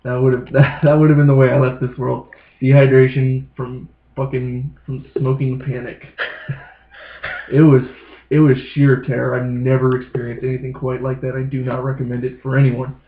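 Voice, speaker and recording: A man's voice: medium pitch, moderate pace. A man co-hosting a podcast, telling stories casually with lots of swearing. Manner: profane, animated storyteller. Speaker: podcast co-host. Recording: echoey, phone-like lo-fi sound.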